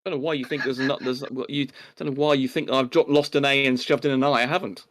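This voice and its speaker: A man's voice: medium pitch, steady tone, fast, a bit bright. A man with an English accent in a casual online debate, talking in a pedantic, indignant way that rambles with restarts.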